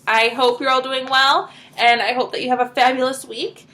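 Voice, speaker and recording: A woman's voice: high voice, steady tone, normal speed, sharp tone. A woman teacher reading a children's novel aloud and recapping it casually for her students. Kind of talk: read-aloud lesson with recap.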